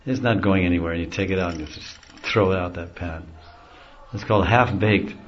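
On a dull lo-fi recording, a middle-aged spiritual teacher delivers an easygoing devotional talk at a moderate pace. His low voice keeps a fairly even intonation, and he chuckles often as he explains.

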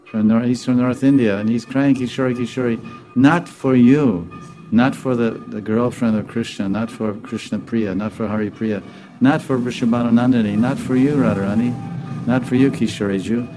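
A man's voice: mid-range voice, fairly even intonation, moderate pace, mellow, soft background music, natural voice. A man telling a devotional story and voicing a loyal female companion who gives a matter-of-fact report. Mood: earnest.

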